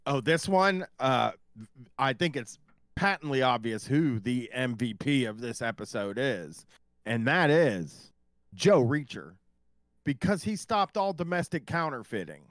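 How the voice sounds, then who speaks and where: A man co-hosts a casual podcast about a TV show, speaking bluntly and joking around with plenty of swearing. His voice sits at a middle pitch. The recording is close and dry. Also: animated, a little slow, a bit bright, dry recording. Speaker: podcast co-host. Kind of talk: casual TV recap chat.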